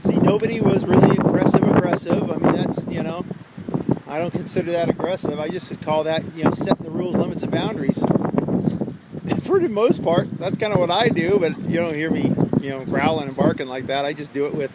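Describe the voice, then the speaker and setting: A man's voice: a little high, a little fast, dull audio. A man running a dog daycare, chatting casually to the camera outdoors while he watches the dogs, talking to them and laughing often. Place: outdoor dog play yard. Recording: loud outdoor background noise. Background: barking dogs, wind and passing traffic.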